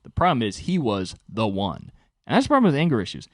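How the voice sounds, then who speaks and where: A young man hosting his own podcast, telling a rambling story in casual, profane storytelling with sudden jumps in pitch for emphasis. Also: quick pace, dry recording, studio quality. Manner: animated, swears freely, pitch jumps high for emphasis. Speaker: podcast host and stand-up comic.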